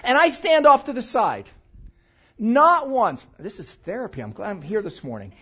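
A man's voice: high voice, very animated, normal speed, pushed and bright, breathy edge. An older man preaching a sermon, telling humorous self-mocking stories about his family. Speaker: pastor. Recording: dull lo-fi recording.

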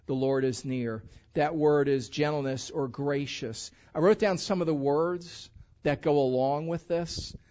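A man's voice: a little high, steady tone, unhurried, a little mellow. A male pastor preaching a conversational sermon and building up emphasis on key words. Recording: dull lo-fi recording.

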